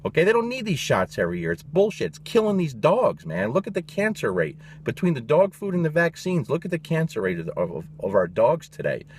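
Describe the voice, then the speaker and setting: A man's voice: fairly high pitch, huge pitch swings, a little fast, few pauses, a little hiss or hum. A man, a dog trainer, giving his opinions in a blunt, emphatic casual monologue, swearing freely.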